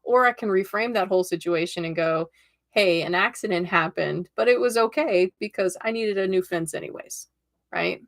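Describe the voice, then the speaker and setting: A woman's voice: mid-range voice, normal speed, vocal fry. A woman hosting a tarot livestream in a casual, upbeat chat, telling stories and checking in with her viewers. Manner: upbeat, chatty, storytelling with many "right?" tags. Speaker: tarot reader and livestream host.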